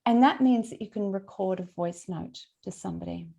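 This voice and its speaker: Woman, webinar trainer; relaxed, chatty delivery with some vocal fry, on a video-call mic. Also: medium pitch, brisk. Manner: friendly, conversational, checks in with attendees by name. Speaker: LinkedIn trainer presenting a webinar. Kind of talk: casual, chatty workshop teaching.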